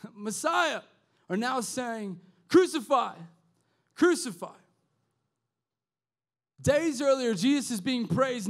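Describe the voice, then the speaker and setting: A man preaching a youth sermon, impassioned and conversational, with slang and restarts, swinging from quiet to shouting. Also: high-pitched. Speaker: youth pastor. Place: youth service hall.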